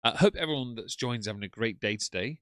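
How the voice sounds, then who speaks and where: A man's voice: mid-range voice, lively intonation, fast talker, a bit bright, dry recording, clean studio sound. A man chatting casually on a live stream, reacting to clips and reading out chat names with frequent ums.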